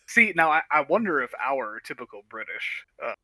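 Bright, lively man tossing in reactions. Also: medium pitch, dry recording, poor audio. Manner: short reactions and quick interjections, swears. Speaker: podcast co-host. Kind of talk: casual chat.

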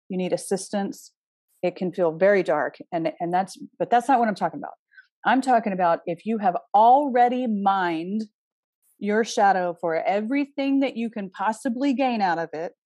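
A woman's voice: medium pitch, darkish tone, no room sound, clean studio sound. A woman giving an astrology talk in a casual, earnest way, pressing her point with emphatic rhetorical questions and the odd blunt swear word. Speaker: astrology speaker.

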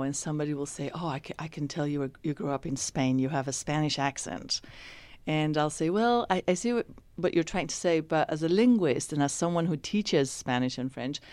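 A woman's voice: low voice, brisk, a little mellow, no room sound. A woman actress answering interview questions in a reflective, thoughtful way, often restarting her sentences.

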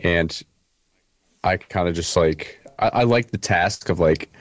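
A man's voice: low-pitched, measured pace, no echo. A man who drums and writes music in a band, chatting easygoing on a podcast. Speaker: band drummer and composer. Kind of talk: casual podcast chat.

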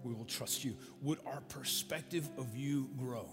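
A man pastor preaches and prays in an earnest voice, stacking his lines into emphatic repetition. His voice carries a long reverb through a large church. Instrumental music plays clearly beneath him. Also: medium pitch, measured pace. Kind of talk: sermon and prayer.

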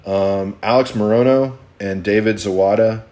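A man's voice: lowish voice, fairly even intonation, moderate pace, warm tone. A man co-hosting a casual podcast, rambling with plenty of ums and restarts. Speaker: podcast co-host.

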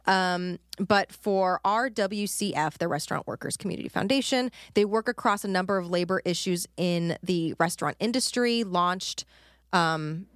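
A woman's voice: lowish voice, moderate pace, no room sound, studio quality. A woman co-hosting a podcast in casual chat, rambling and a bit profane, with frequent ums. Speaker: podcast co-host; out-of-work service industry worker.

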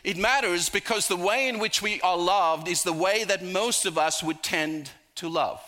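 Male preacher, middle-aged, high bright voice, storytelling with jokes. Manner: storytelling, humorous asides, slows for emphasis. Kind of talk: sermon with personal stories.

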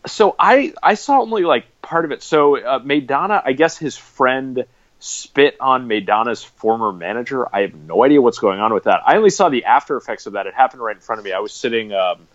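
A man's voice: mid-range voice, expressive, a little fast, no echo, highs cut off. A man as a podcast guest, casually telling a rambling story.

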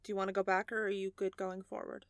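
A woman voicing a kind, protective woman adventurer who speaks gently and with care. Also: mid-range voice, flat delivery, fast talker, no room sound, studio quality, natural voice. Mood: gentle. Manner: gentle and caring.

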